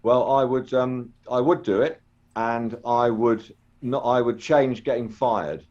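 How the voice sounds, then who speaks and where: A man's voice: medium pitch, steady tone, slow, a little mellow. An older man telling stories in a casual interview, rambling with many ums and restarts. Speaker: interview guest, former children's TV actor. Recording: dull lo-fi call audio.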